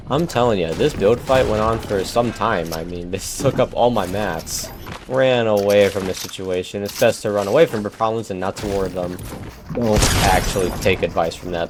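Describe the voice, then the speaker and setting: A man's voice: lowish voice, heavy background noise. A young man giving casual, self-mocking commentary over his own gameplay clips. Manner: laid-back, self-mocking, joking. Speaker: gaming YouTuber. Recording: loud gunfire and game sounds behind.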